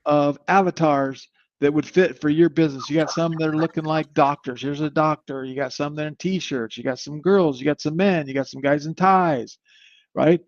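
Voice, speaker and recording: A man hosting a live webinar, demoing software in an upbeat, rambling sales manner. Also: fairly high pitch, dry recording. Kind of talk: live online product demo. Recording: slightly muffled dry audio.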